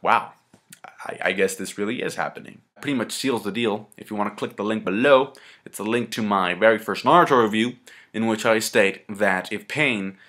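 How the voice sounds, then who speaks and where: A man with a low-set voice and a bright, forceful edge reviews a comic chapter in a casual chat. He talks excitably and slangily, swearing freely and piling on fillers as he goes. It is a home video review. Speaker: manga reviewer.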